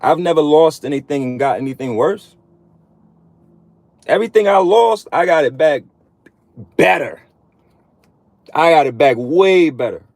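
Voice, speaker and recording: A man's voice: a little high, lively intonation, unhurried, vocal fry, pauses often, darkish tone, no room sound. A man giving a casual, preachy monologue to other men, cursing often and repeating himself in street slang. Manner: profane, repetitive, streetwise slang. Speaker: online preacher addressing men.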